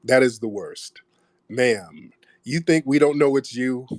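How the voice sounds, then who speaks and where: A man's voice: medium pitch, unhurried, dry recording, studio quality. A man hosting a live call-in audio show, blunt and joking. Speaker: host.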